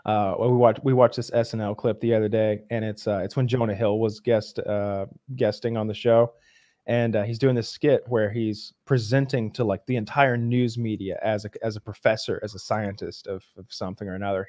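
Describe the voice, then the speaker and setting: A man's voice: lowish voice, flat delivery, fairly quick, darkish tone. A man co-hosting a podcast, rambling through a story in casual chat with many restarts. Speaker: podcast co-host.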